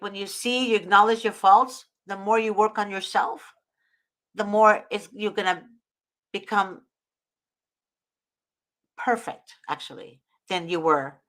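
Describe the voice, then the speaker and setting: A woman talks to her audience as a show host, her voice sitting at an ordinary middle pitch. She gives earnest, preachy advice and circles back to repeat her points. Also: a bit bright. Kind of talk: casual advice talk.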